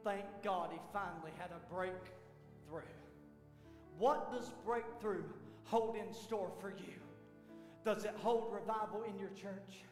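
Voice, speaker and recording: A man preaching a sermon as lead pastor, dramatic, swinging from shouts down to near whispers. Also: high voice, takes it slowly. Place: church sanctuary. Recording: echoey church hall with faint piano.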